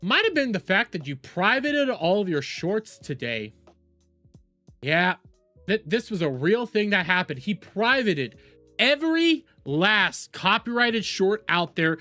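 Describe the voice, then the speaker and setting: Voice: mid-range voice, very animated, unhurried, pushed and bright, dry recording, soft background music. A streamer doing live reaction commentary, profane, sarcastic and mocking.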